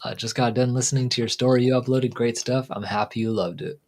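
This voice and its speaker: A man's voice: mid-range voice, fairly even intonation, fast, a little mellow. A man hosting a live stream, chatting casually and rambling with a laugh. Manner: laid-back, rambling, laughs at own jokes. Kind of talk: casual chat.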